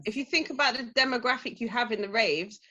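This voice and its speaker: A woman DJ speaks with emphatic conviction in a casual podcast chat. Her voice is bright and fairly high. The recording sounds slightly dull. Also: fast talker. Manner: emphatic, laughs easily. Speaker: DJ guest.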